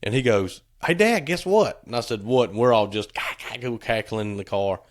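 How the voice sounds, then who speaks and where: A man's voice: on the low side, fairly even intonation, a little fast. A middle-aged man, co-hosting a podcast, telling stories and laughing through the funny parts. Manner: laughs through his stories, acts out quotes. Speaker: podcast co-host. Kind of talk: casual storytelling chat.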